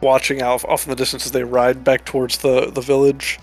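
A man's voice: mid-range voice, completely flat delivery, fairly quick, faint music behind. A man co-hosting a podcast, chatting casually about a movie and often restarting his sentences as he hesitates. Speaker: podcast co-host.

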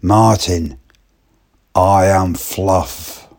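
Odd young lad, very slow, drawn-out and insistent, as a storyteller puts him on. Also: male voice, low voice, darkish tone, full character voice. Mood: flat, drawn-out.

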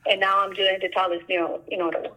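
A woman artist who works on murals, talking casually and telling stories in an animated way, often acting out the lines people said to her. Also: medium pitch, fast talker, low-quality recording. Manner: animated storyteller, acts out quoted dialogue. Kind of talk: casual conversation.

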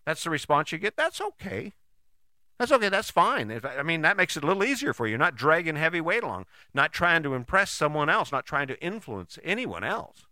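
A man's voice: a little high, sing-song, a little fast, sharp tone, no room sound. A man giving a casual motivational talk, folksy and chatty, who often adds "right?" and acts out quoted people in short bits. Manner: often tags sentences with "right?".

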